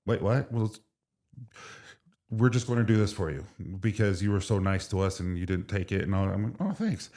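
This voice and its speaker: A man's voice: low voice, fairly even intonation, brisk, darkish tone. A man in his forties, a podcast guest, telling a candid, emotional story with frequent restarts in casual chat. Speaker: podcast guest, brand co-founder.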